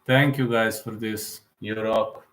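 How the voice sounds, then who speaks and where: A man's voice: lowish voice, fairly even intonation, slow, a bit bright, echoey room, low-quality recording. A man in his thirties hosting a live fight reaction stream, talking in an emotional, repetitive fan manner. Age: 30s.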